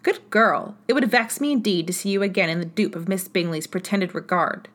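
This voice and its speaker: A woman's voice: medium pitch, expressive, brisk, fairly bright tone. A woman doing a witty, teasing young sister. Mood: wry.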